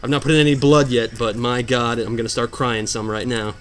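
A man commentating a hard video game, sarcastic and mock-dramatic, swinging from low mutters to sudden outbursts. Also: flat delivery, fairly quick, fairly bright tone, a little hiss or hum. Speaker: gameplay commentator. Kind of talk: let's play commentary.

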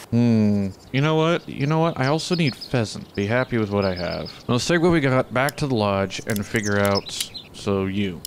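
A man's voice: mid-range voice, slight background noise. A man casually commenting on his own gameplay as he hunts, chatting to the animals on screen and using mild exclamations. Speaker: gaming channel host.

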